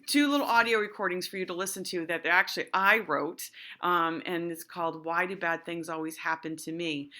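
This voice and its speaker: An elementary school teacher in her thirties talks to her class in an upbeat, encouraging way. Her bright voice is animated and friendly, moving easily between explaining and storybook reading. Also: lowish voice.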